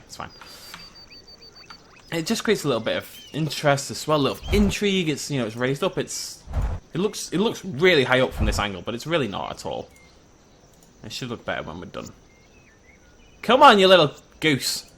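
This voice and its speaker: A man giving excitable, chatty gameplay commentary and talking to the animals on screen. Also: mid-range voice, fairly quick, vocal fry, a little hiss or hum. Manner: excitable, chatty, talks to the creatures. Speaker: gaming YouTuber. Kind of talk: game commentary.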